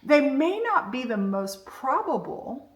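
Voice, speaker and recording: A woman's voice: high voice, big pitch swings, takes it slowly. A middle-aged woman giving a candid, reflective personal monologue, telling her story frankly. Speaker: self-development speaker. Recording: echoey room.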